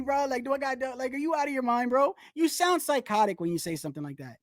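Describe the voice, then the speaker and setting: A woman hosting a boxing channel livestream, ranting in animated, profane, slangy talk full of restarts. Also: high voice, fast talker, no echo, clean studio sound. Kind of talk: casual livestream commentary.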